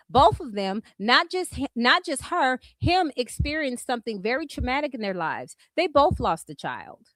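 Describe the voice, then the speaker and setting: A woman's voice: sits high, sharp tone, dry recording. A woman from California with a Californian accent, ranting bluntly and profanely to her viewers in casual commentary. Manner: blunt, profane and sassy, addressing viewers as "y'all". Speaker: commentary streamer.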